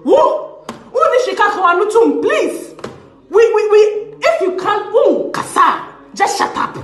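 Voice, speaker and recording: Her voice is extremely high with big pitch swings, unhurried and echoing. She's a Ghanaian English-accented activist campaigner ranting in a social media video, impassioned and confrontational, with Twi phrases woven in.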